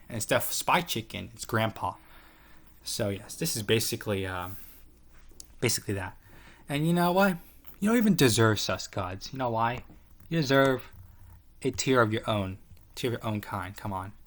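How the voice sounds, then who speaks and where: Ranking his internet friends, a man swears, rambles, and keeps restarting his sentences amid plenty of fillers. His voice sits on the low side with a fairly bright tone, lively intonation, a moderate pace, and frequent pauses.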